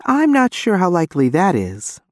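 Guy doing a dry witty young woman, higher voice, bouncy, dry close sound. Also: wildly swooping pitch, normal speed, dry recording. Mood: wry.

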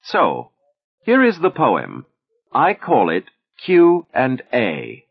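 A man voicing a wry, defiant Soviet woman poet who speaks in a dry, ironic, measured way at a reading. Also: medium pitch, wildly swooping pitch, breathy edge, voice pushed up, heavily acted. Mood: grim. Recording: dull lo-fi recording.

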